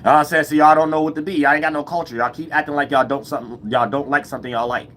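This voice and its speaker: Fast-talking man ranting off the cuff. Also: fairly high pitch, steady tone, fairly bright tone, a little hiss or hum. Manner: rambling and profane, with restarts; leans on the tag "you know what I'm saying". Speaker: vlogger. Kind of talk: unscripted ranting monologue.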